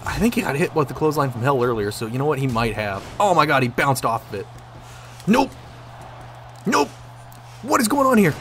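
A man commentating on his own gameplay, excitable, swearing and yelling at the game. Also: medium pitch, brisk, long pauses, slight background noise. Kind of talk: let's play commentary.

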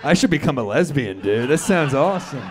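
A man's voice: medium pitch, big pitch swings, a little fast, a crowd in the background. A man comedian on stage, talking bluntly and with profanity, making dry asides. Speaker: guest comedian. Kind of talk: stand-up crowd work, casual banter.

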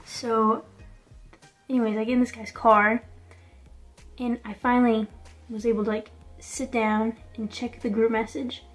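A chatty young woman vlogs from a small indoor room, her voice sitting slightly high. She tells her story casually and leans on "like" all the time. Soft music plays faintly behind her. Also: level tone, measured pace, pauses often. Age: young adult. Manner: chatty, fills speech with "like". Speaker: vlogger.

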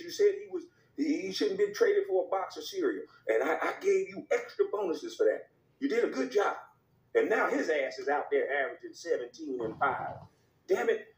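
A man's voice: fairly high pitch, darkish tone, echoey room, rough recording. A man voicing a domineering male network boss who scolds and barks orders in a comedy skit. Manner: scolding, barking orders, profane.

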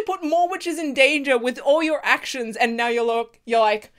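A woman giving casual reaction commentary, excitable and swearing freely, with frequent laughter. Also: high-pitched, normal speed, hardly any pauses. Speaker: video reactor.

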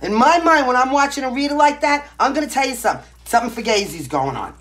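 A woman's voice: high-pitched, lively intonation, fast, a bit bright, slight background noise. A woman with a Brooklyn New York accent giving a casual tarot reading to the camera, blunt and emphatic, tagging her points with "right?" and "okay?". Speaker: tarot reader.

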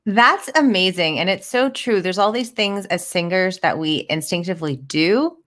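A woman hosting a podcast interview, asking questions in an appreciative, measured way. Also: fairly low pitch, fairly bright tone. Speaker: podcast host.

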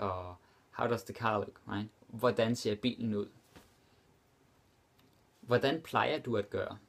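A young man runs a language lesson in a relaxed, casual way. His voice sits a little low. He says each example phrase slowly, repeats it, and then explains it. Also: creaky. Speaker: language teacher.

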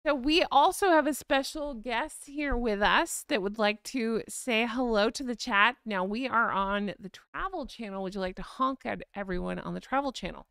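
A woman's voice: a little high, normal speed, hardly any pauses, a bit bright, clean tone, no room sound, studio quality. A woman hosting a casual livestream chat, bubbly and reading comments aloud. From United States. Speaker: livestream host.

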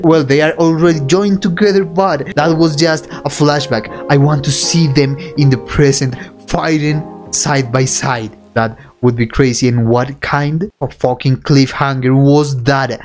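A young man giving anime reaction commentary, excitable and emotional, swearing and often laughing while he talks. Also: on the high side. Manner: excitable and emotional, swearing, frequent laughter, calls the viewer bro.

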